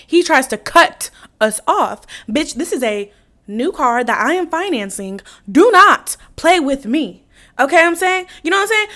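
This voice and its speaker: A woman hosting a podcast, swearing freely as she tells a story and acting out every quote. She talks in a brash, animated way. Her voice sits fairly high. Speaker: podcast host. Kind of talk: casual storytelling chat.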